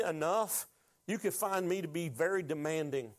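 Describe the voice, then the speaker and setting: A man's voice: on the high side, moderate pace. A man preaching a sermon as pastor, talking conversationally and building to fervent, rising exhortation.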